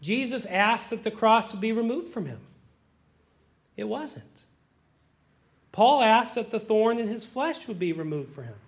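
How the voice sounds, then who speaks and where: Middle-aged pastor guy preaching, pretty high voice, gets loud and pleading then drops way down soft. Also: animated, measured pace, long pauses. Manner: swings from quiet musing to loud impassioned pleading; acts out prayers in a pleading voice. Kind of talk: sermon.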